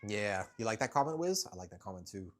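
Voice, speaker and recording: Low-voiced man chatting on a home stream. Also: very animated, quick pace, slight background noise. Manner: chatty, talks to viewers and cats while working out. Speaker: livestreamer. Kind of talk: casual live-stream chat. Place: home, kitchen corner. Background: cats.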